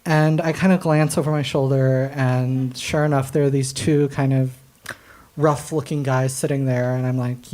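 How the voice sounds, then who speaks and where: A young American man doing stand-up storytelling on stage at a comedy night, animated, often laughing at his own jokes, with plenty of ums and uhs. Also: mid-range voice, normal speed. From United States.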